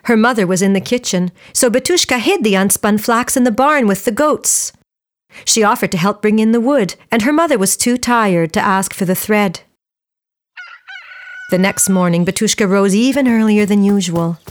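A woman storyteller telling a folktale for families, expressive and varying her pace for suspense. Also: medium pitch, normal speed.

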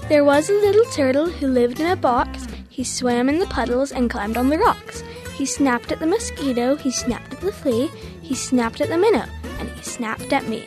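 A woman's voice: high voice, lively intonation, normal speed, music in the background. A girl reciting a children's playtime rhyme in a sing-song rhythm.

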